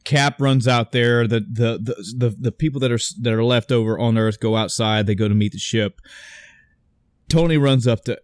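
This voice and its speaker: Brief: young adult man, casual movie recap, animated and profane, dry close sound. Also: mid-range voice, moderate pace, no room sound. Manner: animated retelling with swearing and acted quotes. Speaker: podcast co-host discussing a movie. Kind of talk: casual chat.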